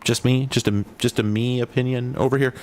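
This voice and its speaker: A man in the middle of the usual pitch range mutters and rambles through casual retro-gaming commentary. He is sardonic and keeps breaking off his own sentences, then starting them again. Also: steady tone, fairly quick, darkish tone. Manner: rambling, sardonic, self-interrupting. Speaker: host. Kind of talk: casual commentary while playing retro games.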